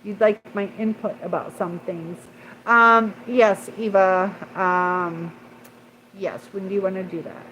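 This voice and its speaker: A woman's voice: medium pitch, steady tone, fairly bright tone, a little hiss or hum, rough recording. A woman hosting a casual livestream, rambling with many fillers as she reads and answers viewer comments. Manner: rambling, many fillers, pauses to read chat.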